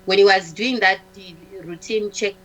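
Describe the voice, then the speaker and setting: A woman, a talk-show guest, telling a personal story in a halting way, restarting often, repeating words and acting out what others said. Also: mid-range voice, a bit bright, rough recording. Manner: acts out the dialogue of others in her story.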